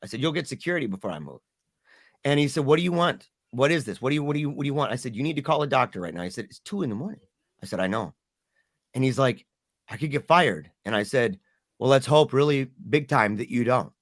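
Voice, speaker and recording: Middle-aged man, guest storyteller, animated, does the voices, dry room. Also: medium pitch, quick pace, dry recording. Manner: animated, acts out quoted voices. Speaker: podcast guest. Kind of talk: emotional storytelling.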